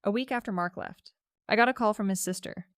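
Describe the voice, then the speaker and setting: A woman narrating a scripted first-person story in a steady, reflective way. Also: medium pitch, brisk, smooth, no room sound, studio quality.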